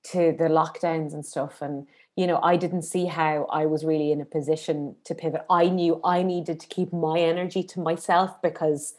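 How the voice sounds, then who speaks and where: A woman's voice: deep voice, flat delivery, normal speed, few pauses, darkish tone. A woman in her thirties hosting an interview, affirming her guest in casual chat. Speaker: podcast host.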